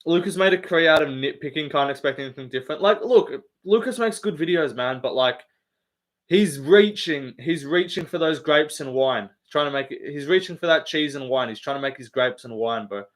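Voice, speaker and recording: A man's voice: fairly high pitch, brisk. A young Australian man hosting a live stream, chatting casually and rambling with lots of fillers, swearing and laughs. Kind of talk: casual chat reading live comments.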